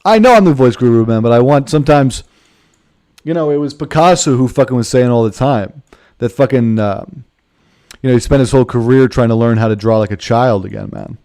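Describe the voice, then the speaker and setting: Streaming a game, a man jokes and rambles through casual commentary, swearing without restraint and calling people "man." His medium-pitched voice is dark in tone and fairly quick.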